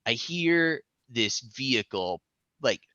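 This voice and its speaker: A man telling a story as a podcast guest, animated and profane, acting out the voices. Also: mid-range voice, takes it slowly, dry recording, lo-fi sound. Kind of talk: casual storytelling.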